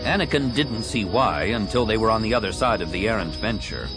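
A man reading an action audiobook in a dramatic, expressive scripted narration. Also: on the low side, a little fast, music in the background.

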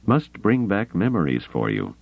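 Earnest gentle young man voiced by a male reader, mild and plain, dry tinny audio. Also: deep voice, wildly swooping pitch, moderate pace, vocal fry, no room sound, voice pushed up, full character voice.

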